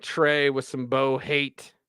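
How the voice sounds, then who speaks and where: Chatty, excitable sports radio host. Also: male voice, mid-range voice, clear, resonant tone, no room sound, clean studio sound. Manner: excitable, chatty, fast bursts. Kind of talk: live postgame show reading viewer comments.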